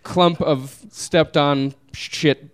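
A man's voice: a little high, fairly even intonation, extremely slow. A young man telling a funny story to a live audience, laid-back and laughing through it. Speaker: comedian telling a story on stage. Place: small live venue.

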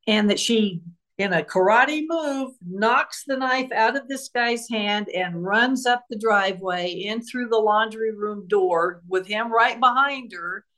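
A woman author tells a true crime story as a guest on an interview show. She speaks at a medium pitch and acts out quoted voices with lively emphasis as she walks through each step of the case. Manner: animated retelling, acting out quoted voices.

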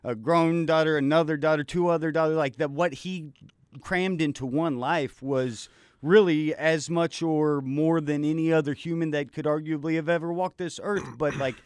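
A man's voice: a little high, fairly even intonation, moderate pace, clean tone, dry recording, studio quality. A man in his thirties co-hosting a sports talk show, speaking in long, reflective run-on sentences. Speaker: podcast co-host. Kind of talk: casual chat.

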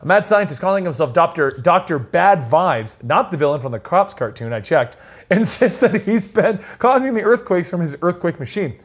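A man's voice: sits high, big pitch swings, normal speed. A man hosting a podcast in casual chat, reading out a list and laughing often as he talks.

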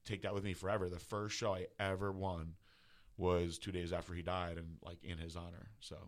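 A man's voice: low-pitched, flat delivery, a little fast. A middle-aged man telling a personal story in casual, rambling podcast talk, full of "like" and swearing. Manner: rambling, heavy use of "like", profane.

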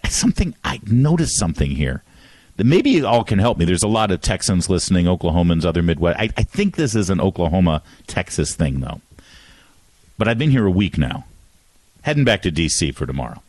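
A middle-aged man with a very low voice, talking into a dry, close broadcast mic. He fills in as a radio host and rambles in a loose, self-deprecating way, often stumbling and restarting his sentences. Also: big pitch swings, brisk, darkish tone, husky, no echo. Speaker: fill-in radio talk show host. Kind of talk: casual talk radio monologue. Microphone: studio broadcast microphone.

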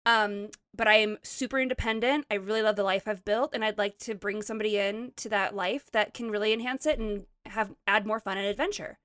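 A woman from Montana in casual chat, telling a dating story with animated, playful quoting. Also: medium pitch, fairly quick, hardly any pauses, clear, resonant tone, dry recording, studio quality. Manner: animated storytelling, quotes people in playful voices.

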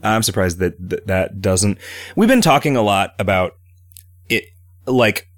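Deep-voiced rambling podcast man. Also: expressive, a little slow, dry recording, studio quality. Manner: rambling, reads listener questions aloud. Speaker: podcast host and game developer. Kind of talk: casual podcast chat.

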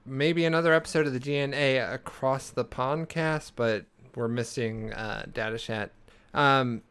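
A young man hosts a casual podcast with friends, rambling along with plenty of fillers and false starts. His voice sits at an ordinary middle pitch. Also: a little slow, a bit bright, clear, resonant tone. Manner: rambling, many fillers and restarts. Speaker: podcast host. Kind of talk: casual chat.

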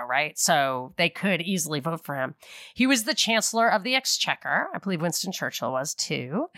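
Opinionated woman, bright and dry. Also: on the low side, dry recording. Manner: rambling, opinionated, thinks aloud with self-corrections. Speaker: podcast host. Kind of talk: casual political commentary.

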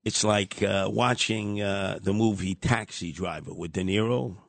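A man's voice: fairly low pitch, fairly even intonation, a little slow, vocal fry, no room sound. An older man hosting a radio talk show, rambling and wisecracking as he ribs his younger co-hosts. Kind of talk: casual talk radio banter.

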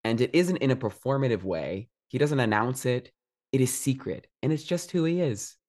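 A male podcast host with a mid-range voice who steers the conversation. He reacts often with brief affirmations and laughter, encouraging his guest. He speaks in a relaxed, conversational way. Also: mid-range voice, normal speed. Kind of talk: conversational interview.

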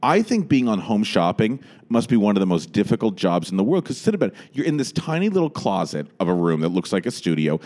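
A man hosting a podcast, telling a story in a rambling, animated way with frequent restarts, in a small podcast room. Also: fairly low pitch, fast, hardly any pauses. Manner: rambling, animated, lots of restarts and self-interrupting. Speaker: podcast host. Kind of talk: casual storytelling chat.

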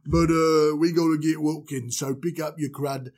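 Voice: medium pitch, steady tone, moderate pace, darkish tone, close to an everyday voice. A podcaster voicing a weary, offhand male leader of a wandering people who drawls, opens with "Oi" and stammers when pressed. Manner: drawling, dismissive, starts lines with "Oi".

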